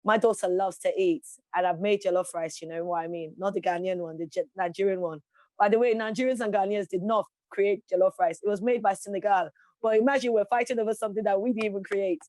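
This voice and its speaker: A woman's voice: medium pitch, steady tone, fast, darkish tone, no echo. A woman, a guest in an interview, speaking passionately with emphatic rhetorical questions. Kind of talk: passionate conversational speech.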